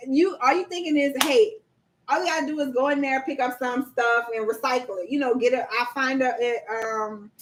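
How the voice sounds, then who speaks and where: Woman, livestream host, high voice, casual slangy chat, reads comments aloud, laughs often. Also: fairly bright tone, low-quality recording. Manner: chatty, quizzes viewers and reads their chat aloud; laughs often, slangy, addresses audience as y'all. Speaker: livestream host coaching on government contracts.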